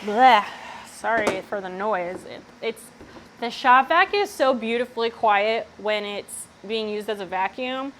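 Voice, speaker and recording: A woman from Australia streams live from her workshop, chatting loosely with her viewers and swearing freely as she goes. Her voice sits on the higher side, with a faint hiss of noise behind it. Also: animated, a little slow, fairly bright tone, low-quality recording. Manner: chatty, swears freely, reads and answers chat. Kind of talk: casual live-stream chat.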